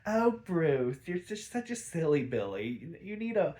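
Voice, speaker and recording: Man putting on a flirty socialite woman, teasing, raised pitch, sugary. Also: sing-song, measured pace, mellow.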